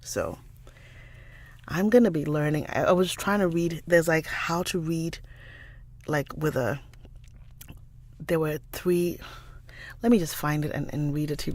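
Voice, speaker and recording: Chatty low-voiced woman livestreaming. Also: a little slow, pauses often, darkish tone. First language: not an American English speaker. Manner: chatty, greets viewers by name. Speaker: livestream host and audiobook narrator. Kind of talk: casual livestream chat. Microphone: studio side-address mic.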